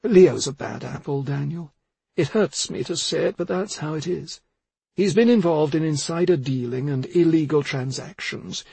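A man's voice: on the high side, expressive, measured pace, darkish tone, no echo, pitched above the performer's own voice, heavily acted. A man voicing a cold, calculating female doctor who speaks in a soothing, businesslike way. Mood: coolly persuasive. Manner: smooth, soothing yet businesslike.

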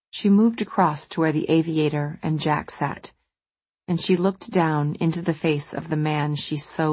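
A woman narrating a novel in a calm, measured way. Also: sits low, husky, dry recording. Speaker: audiobook narrator. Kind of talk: scripted narration.

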